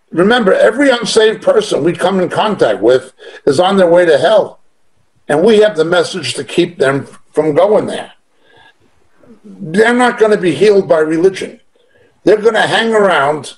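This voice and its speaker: A man with a slightly high voice goes through a Bible passage verse by verse, reading aloud and repeating key phrases for emphasis. The audio is poor.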